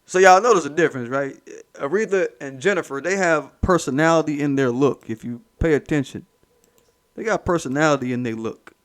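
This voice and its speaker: A fairly high-voiced man hosts his own commentary vlog. He rants hard, swearing and mocking as he goes. He hammers his points home by saying them again and again. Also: brisk. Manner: profane, heated, mocking, repeats himself for emphasis. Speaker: commentary channel host.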